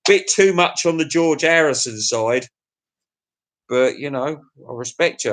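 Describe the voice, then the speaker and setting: Rambling crude English bloke, high voice. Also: male voice, big pitch swings, a little slow. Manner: rambling, crude, chuckling to himself. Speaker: livestream host. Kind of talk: casual chat to viewers.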